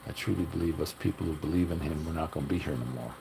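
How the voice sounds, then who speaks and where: A man's voice: extremely low pitch, fairly even intonation, racing, gravelly, noisy background. An older man chatting casually on a livestream, telling loose, profane, folksy stories to viewers. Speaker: livestream host. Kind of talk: casual rambling chat to live viewers.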